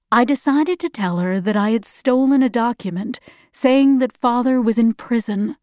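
A woman narrating a first-person story in a measured, plain way. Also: a little high, darkish tone, no echo, clean studio sound.

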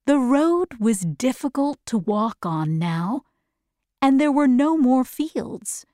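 A woman reading a children's story aloud slowly and clearly, as a read-aloud for learners. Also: fairly high pitch, dry recording, studio quality. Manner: very slow, clear, even reading.

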